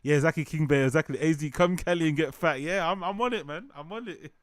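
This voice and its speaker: The host of a reaction stream talks fast in a slightly high voice, joking around, swearing often and repeating himself as he reacts to videos. The recording is dry, with clean studio sound.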